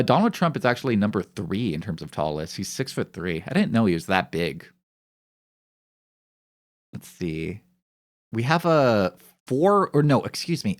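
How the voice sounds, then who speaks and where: A young man streaming, chatting casually in rambling, profane, joking banter. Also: medium pitch. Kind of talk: casual chat on a live stream.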